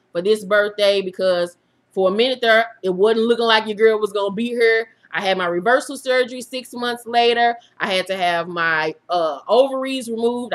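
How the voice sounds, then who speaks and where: A woman in her thirties, a YouTube host, telling her viewers her own story in a frank, profane way and laughing through the hard parts. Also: mid-range voice. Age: 30s. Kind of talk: candid personal storytelling to viewers.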